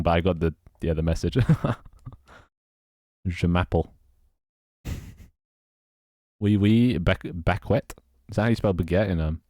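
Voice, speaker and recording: Man, English accent, low voice, casual stream chat, frequent laughter, swears, dead dry close mic. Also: a little mellow, dry recording. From England. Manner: chatty, laughs often, swears, fumbles mock French. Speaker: live streamer reading chat.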